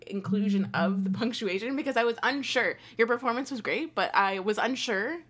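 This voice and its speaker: A woman co-hosting a casual chat show, sarcastic and quick to laugh. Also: a little high, a bit bright, husky. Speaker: co-host.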